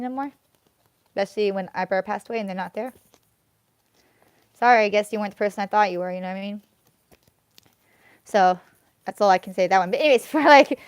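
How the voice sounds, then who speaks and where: A woman's voice: medium pitch, clean tone, no room sound, clean studio sound. A woman hosting a live tarot reading stream who rambles and vents, filling her talk with "like" and "you know what I mean.". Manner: rambling, venting, heavy use of fillers such as "like" and "you know what I mean". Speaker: tarot reader.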